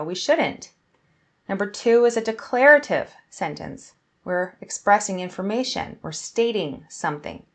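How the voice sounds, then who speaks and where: A woman English teacher giving a scripted grammar lesson, speaking clearly and deliberately and acting out example sentences with feeling. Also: medium pitch.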